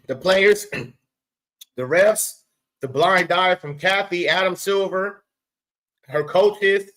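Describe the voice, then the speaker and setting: A man's voice: high voice, drawn-out words, long pauses, a bit bright, low-quality recording. A man hosting his own show, giving a profane, emphatic commentary rant and talking straight at the person he is discussing. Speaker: show host.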